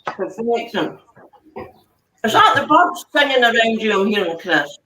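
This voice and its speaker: A woman's voice: fairly high pitch, expressive, a little slow, pushed and bright. Chatty woman hosting a whisky tasting. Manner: chatty, laughs often, trails off mid-sentence. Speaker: host of an online whisky dinner. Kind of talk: casual tasting demonstration. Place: home, on a video call. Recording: echoey room, distant mic, faint noise.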